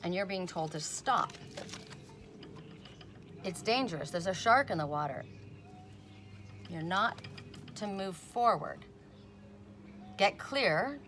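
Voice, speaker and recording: A woman's voice: fairly low pitch, lively intonation, slow, long pauses, background noise. A woman giving a casual spoken oracle card reading. She chats, often tags on "right?", and breaks off with sudden emphatic "Stop.".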